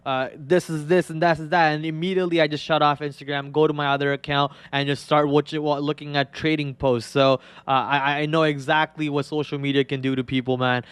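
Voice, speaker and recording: A man hosting a live stock trading show, talking in an excitable, rambling way with many restarts. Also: fairly high pitch, brisk, few pauses, clear, resonant tone, no room sound.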